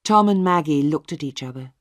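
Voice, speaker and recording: A storyteller reading a simple novel aloud for English learners, slowly and with clear spacing. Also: medium pitch, dry recording, clean studio sound. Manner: slow, clearly spaced storytelling. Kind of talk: slow graded-reader narration for English learners.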